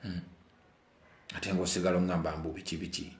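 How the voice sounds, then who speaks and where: A Ugandan man giving his opinion in a casual monologue, repeating phrases for emphasis and swinging between brooding low talk and heated outbursts. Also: measured pace, darkish tone. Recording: echoey room.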